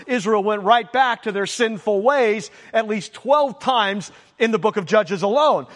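Man, pastor, sermon, high voice, emphatic, long hall reverb. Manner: emphatic, repeating exhortations.

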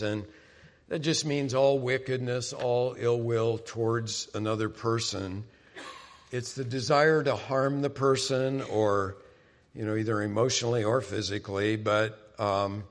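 A man preaching a sermon as pastor, explaining scripture in a conversational teaching manner and acting out quoted lines with sudden loud bursts. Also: medium pitch.

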